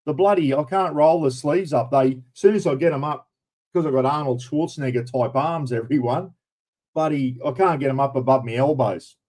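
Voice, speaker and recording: Australian bloke in his fifties, host of a casual live stream, rambling and matey, mid-pitched voice. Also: normal speed, darkish tone. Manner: blokey, rambling, lots of "mate" and "bloody". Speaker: livestream host.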